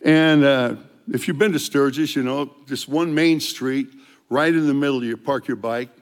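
An older man, a street evangelist, telling testimony stories in an animated way and loudly acting out the dialogue. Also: mid-range voice, moderate pace, in a large hall. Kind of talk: storytelling testimony.

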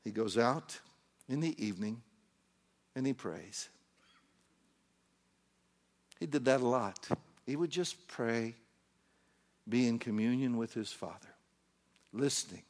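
A man preaching a sermon in church, acting out little voices and dropping from loud to hushed. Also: medium pitch, expressive, measured pace, pauses often. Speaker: pastor.

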